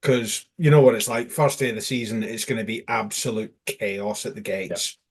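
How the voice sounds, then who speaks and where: A man's voice: lowish voice, steady tone, moderate pace, breathy edge. A man chatting on a fan podcast panel, joking and telling little stories about match days. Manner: jokey and anecdotal. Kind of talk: casual chat.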